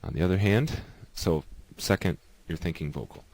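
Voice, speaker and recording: A man with an exceptionally deep, low voice walks through a lesson. He talks patiently and explains step by step, repeating each example so it sinks in. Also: moderate pace, a little mellow. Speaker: teacher.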